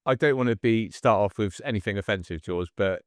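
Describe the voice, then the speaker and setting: A man in his forties hosting a casual podcast chat, telling stories in an animated way and acting out the people in them. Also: lowish voice, fairly quick, smooth, no room sound, clean studio sound. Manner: animated storyteller, acts out the voices in his stories. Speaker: podcast host and coach.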